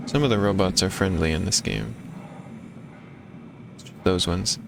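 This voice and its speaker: Low-voiced man streaming a game. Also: a little slow, creaky, background noise. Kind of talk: live game stream commentary.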